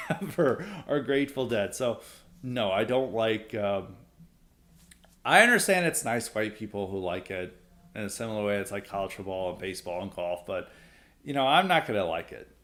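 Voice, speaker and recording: A young adult man hosting a solo opinion podcast, sarcastic and blunt, laughing often as he rants. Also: medium pitch. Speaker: podcast host.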